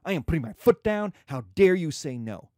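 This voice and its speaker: A man's voice: high voice, sing-song, unhurried, darkish tone, no echo, studio quality, pitched above the performer's own voice, full character voice. A man voicing a wavering, indulgent father who frets and tries to please, then blusters. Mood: blustering. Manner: hesitant, fussy, eager to please.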